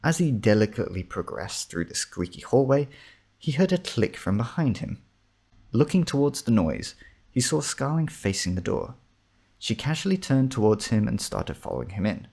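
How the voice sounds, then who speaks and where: A man narrating a comic fantasy story in a steady, measured reading. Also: medium pitch, vocal fry, slightly rough.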